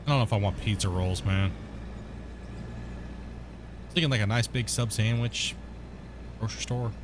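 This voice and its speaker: A man's voice: on the low side, moderate pace, background noise. Rambling, blunt man chatting casually. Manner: rambling, blunt, swears when annoyed. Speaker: gaming streamer. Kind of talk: casual chat.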